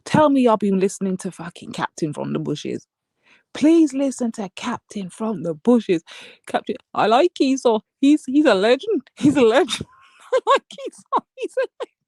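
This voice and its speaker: A woman's voice: fairly high pitch, big pitch swings, normal speed, dark tone, no echo. Young woman gossiping on a live stream, swears loads, laughs a lot, voice jumps all over, dry close mic. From England. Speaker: livestream host. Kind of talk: casual live-stream commentary.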